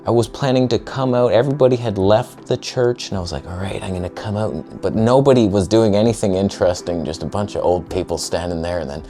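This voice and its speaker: Man, low voice, sarcastic, self-mocking, casual voice-over, soft music behind. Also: quick pace, few pauses. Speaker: photographer vlogger. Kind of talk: casual narrated commentary over footage.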